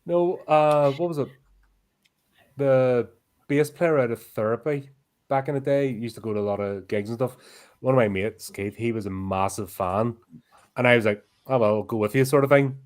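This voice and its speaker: A man's voice: medium pitch, normal speed, a little mellow. A man chatting bluntly and offhandedly on a podcast over a video call. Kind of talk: casual chat.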